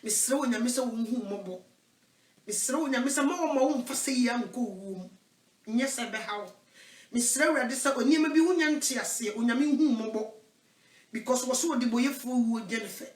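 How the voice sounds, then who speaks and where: A Ghanaian woman evangelist with a Ghanaian accent, preaching in a self-recorded monologue, emphatic and swinging between loud declarations and low asides. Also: moderate pace, reverberant, distant mic.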